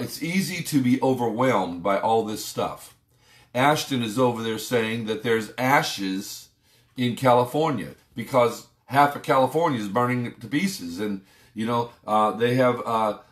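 A man pastor giving a conversational, emphatic devotional sermon. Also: mid-range voice. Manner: conversational, emphatic preaching with rising exclamations. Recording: roomy echo.

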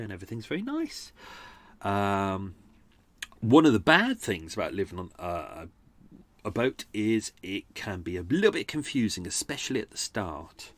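A man's voice: fairly low pitch, no echo. A man hosting a podcast, telling a personal story in a chatty, rambling way, often correcting himself and swearing mildly. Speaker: podcast host. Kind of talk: casual storytelling.

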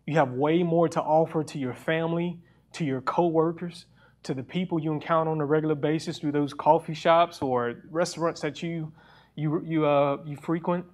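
A man's voice: a little high, steady tone, a little mellow. Earnest young man preaching a sermon. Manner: earnest, personal preaching with restarts; reads scripture aloud faster.

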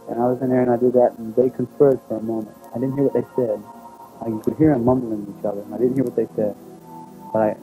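A man telling his own experience in a documentary, recalling it in halting, unpolished speech with restarts. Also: mid-range voice, dark tone, poor audio. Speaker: eyewitness recounting his experience. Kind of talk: first-person testimony in a documentary.

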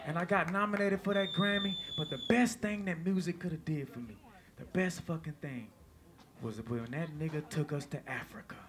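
A man doing stand-up, telling an animated, profane story on stage and laughing through it. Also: a little high, normal speed, noisy background. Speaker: stand-up comedian. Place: stage before a live audience. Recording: live show with crowd.

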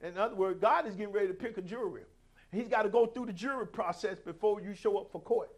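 High-voiced preaching man. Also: fast talker. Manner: preaching with call-outs, acting out quoted voices. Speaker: pastor. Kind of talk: sermon.

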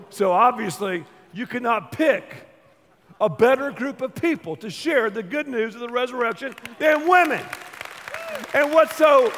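A man with a high, bright voice preaches to a congregation, playful and animated as he acts out the people in the story. His voice rings out with a long echo, like in a big auditorium. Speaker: pastor. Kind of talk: sermon with live painting.

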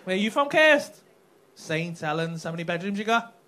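On a comedy club stage with a handheld mic, a man does crowd work in a high, expressive, fast voice with a sharp tone. He teases the audience with brash, profane banter, captured in a live club recording with noise in the background.

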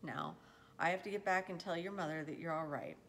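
Lady reading as a patient country dad, slow calm talk, gentle, low voice. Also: a little hiss or hum. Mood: reassuring. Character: kindly, patient farmer father, middle-aged man.

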